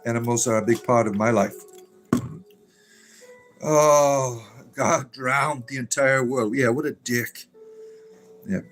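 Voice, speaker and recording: A man's voice: medium pitch, slow, long pauses, fairly bright tone, faint music behind, poor audio. A man hosting a casual livestream, talking bluntly and swearing casually. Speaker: livestream host.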